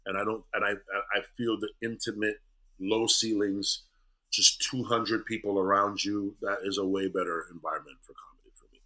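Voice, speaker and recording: Brief: middle-aged male comic guest, lively storyteller, bright edge to the voice. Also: fairly low pitch, normal speed. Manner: animated, acts out voices. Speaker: comedian guest. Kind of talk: casual interview storytelling.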